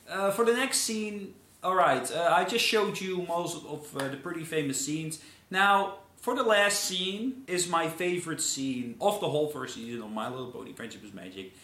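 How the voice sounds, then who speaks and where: A man gives casual video commentary, rambling and stumbling over repeated words while apologizing a lot. His voice sits a little high. It echoes noticeably around the room. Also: sharp tone. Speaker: video host.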